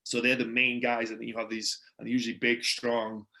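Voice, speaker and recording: Gravelly Welsh man telling stories. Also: mid-range voice, completely flat delivery, a little fast, pushed and bright. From Wales. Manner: chatty, acts out quoted dialogue. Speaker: podcast guest. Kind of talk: casual interview storytelling.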